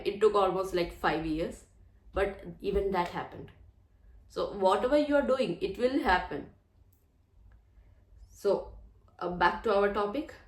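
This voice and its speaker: Chatty woman in an echoey room. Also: mid-range voice. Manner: earnest, chatty, repeats phrases. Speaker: channel host. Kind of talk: casual chat to camera. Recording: roomy echo.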